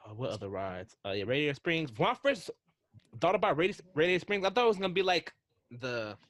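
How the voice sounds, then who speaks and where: Casting: excitable man, podcast co-host, lively bouncy pitch, dry close sound. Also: fast talker, no room sound. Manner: rambling, excitable storytelling with frequent restarts. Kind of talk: casual podcast chat.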